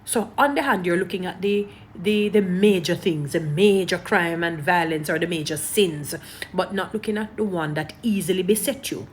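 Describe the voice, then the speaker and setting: A woman's voice: lowish voice, moderate pace, slight background noise. A woman with a Jamaican accent giving emphatic, preachy commentary, repeating her points to her online audience. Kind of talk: casual commentary to camera.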